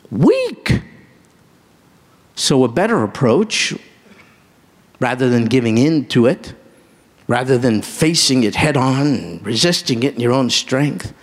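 Slow, animated preacher man in an echoey hall. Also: breathy edge. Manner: animated, emphatic preaching with sudden high exclamations; talks directly to the congregation with questions. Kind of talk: live sermon. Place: church hall with a congregation. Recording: reverberant hall sound.

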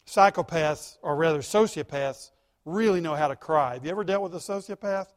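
Male pastor, higher voice, dramatic sermon delivery with sharp emphasis. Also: brisk. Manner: emphatic, dramatic, swings between loud stress and quiet asides.

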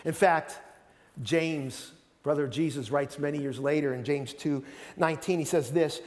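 A man's voice: fairly high pitch, lively intonation, moderate pace, a little mellow, big-room sound. A man preaching a sermon as pastor, earnest, often repeating words as he starts a sentence.

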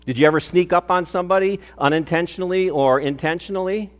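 Older male pastor, earnest storytelling sermon, slightly high voice, long church reverb. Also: fast. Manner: earnest storytelling preacher, rising with emphasis and dropping soft on key phrases.

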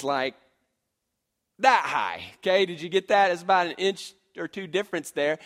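A male pastor in his thirties delivering a sermon in a voice that sits high for a man. He moves between loud, emphatic passages and hushed, confiding storytelling, often restarting with "and, and".

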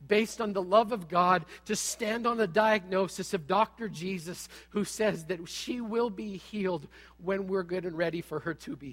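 A middle-aged man preaching a sermon, telling a personal story with animated, humorous asides. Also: sits high, big-room sound.

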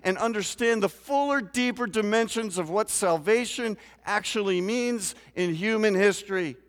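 A man preaching a sermon in a church, moving from quiet scripture reading to loud, rising emphasis. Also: high voice, normal speed. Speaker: pastor. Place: church sanctuary. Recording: long church reverb.

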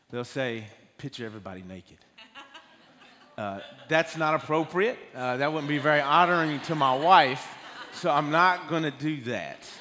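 A nervous man shares his testimony from the front of a church, his sentences halting and full of restarts. His voice sits at an ordinary middle pitch, and a long hall reverb trails behind every phrase. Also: bright, forceful tone, slight background noise. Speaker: guest speaker giving a testimony. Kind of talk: personal testimony sermon. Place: church sanctuary.

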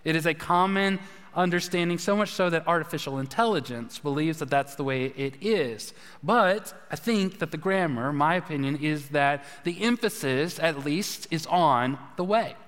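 A pastor preaches a sermon in a casual, conversational way, frequently asking the congregation questions. His voice is a little high and fairly bright at a moderate pace, with long hall reverb from the church sanctuary.

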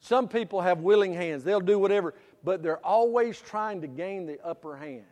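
A high, ringing voice belongs to a middle-aged pastor giving a sermon. Loud, prolonged preaching alternates with hushed, straightforward storytelling, and the long reverb of a church hall surrounds it all.

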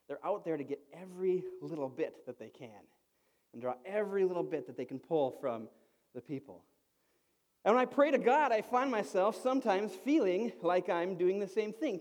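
A man preaching a sermon in a church, conversational and animated, now and then breaking into a quick imitation of an auctioneer. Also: high-pitched, in a large hall. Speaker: pastor. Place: church sanctuary.

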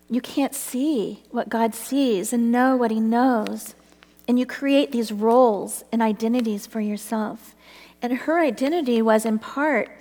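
In an echoing hall, a middle-aged storyteller shares her personal faith story with earnest sincerity, laughing more as it builds. Her voice runs on the high side with a darkish tone.

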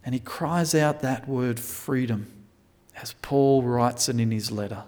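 A man's voice: mid-range voice, measured pace, a little mellow. Man preaching with frequent restarts. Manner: reads scripture then explains with restarts and self-corrections. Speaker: pastor. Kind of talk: sermon.

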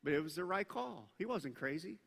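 Male pastor, high bright voice, animated sermon in a reverberant hall. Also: brisk, creaky, husky. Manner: animated, acts out quoted voices. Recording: long reverb of a large hall.

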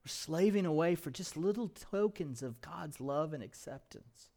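A man with a notably high voice delivers a sermon as pastor. He presses his listeners with rhetorical questions and swings between emphatic lines and quiet, hushed ones. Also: animated, normal speed, gravelly.

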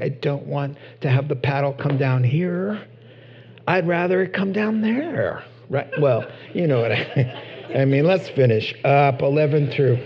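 A man preaching a sermon in an animated way, acting out short voices and rising to excited high peaks. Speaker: pastor. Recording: dull lo-fi sound.

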